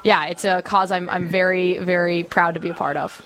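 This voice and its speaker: A woman's voice: on the low side, steady tone, moderate pace, fairly bright tone. A young woman, a college student, speaking earnestly and upbeat as a guest on a radio show. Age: young adult. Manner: earnest, upbeat, some fillers. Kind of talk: radio interview.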